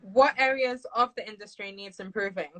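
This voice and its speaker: A woman interviewing a guest over a video call, encouraging and quick to laugh. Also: mid-range voice, a bit bright, poor audio.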